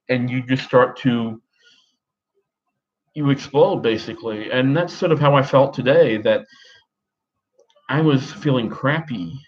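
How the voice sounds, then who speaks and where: A man in his thirties from Australia, talking in a put-on American accent in a halting, rambling personal monologue full of restarts and fillers. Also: mid-range voice, muffled recording, a little hiss or hum. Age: 30s. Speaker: vlogger. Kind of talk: personal talk to camera.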